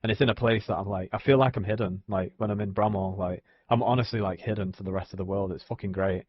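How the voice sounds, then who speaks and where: A man's voice: lowish voice, fairly even intonation, quick pace, slightly rough, lo-fi sound. A young man, rambling casually on a live stream, swearing often and filling gaps with "you know what I mean". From England.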